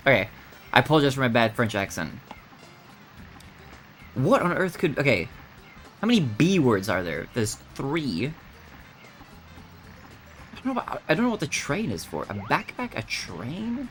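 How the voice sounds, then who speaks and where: Streamer, casual puzzle-solving chatter, very lively pitch, thinking aloud, faint music behind. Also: normal speed, long pauses. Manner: animated, muttering guesses, frequent laughs.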